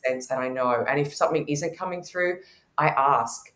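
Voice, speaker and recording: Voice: medium pitch, normal speed, fairly bright tone, echoey room. A podcast guest who teaches intuition, telling candid stories with frequent laughter in a conversational way.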